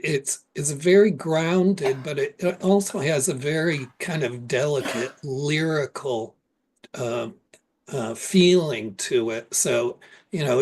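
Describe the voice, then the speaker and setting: A man on a video call giving halting, thoughtful praise of a song, restarting his phrases. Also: medium pitch. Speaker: open mic participant. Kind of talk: casual chat.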